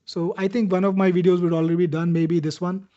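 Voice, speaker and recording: A man with an Indian accent runs a live software demo in a chatty, pitching way, calling out viewers by name. His voice sits fairly high but mellow and warm in tone. The webinar audio is dull and lo-fi. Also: level tone, fast talker. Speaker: webinar host demoing software.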